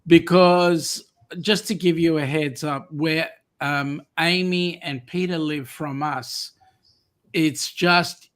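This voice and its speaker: Male host, teasing banter, a touch higher-pitched. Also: fairly even intonation, slow, fairly bright tone. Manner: teasing, playful storytelling. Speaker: show host. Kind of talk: casual chat.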